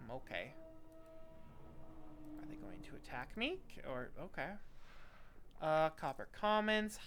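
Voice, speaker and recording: Bright-voiced woman streaming a game. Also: a bass voice, a little hiss or hum. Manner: chatty, thinks out loud, reads item names. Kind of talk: casual gaming commentary.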